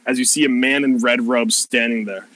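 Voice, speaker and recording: A man's voice: medium pitch, fairly even intonation, normal speed, bright, forceful tone, rough recording. A man narrating a tabletop game as game master, casual and profane, rambling with plenty of fillers.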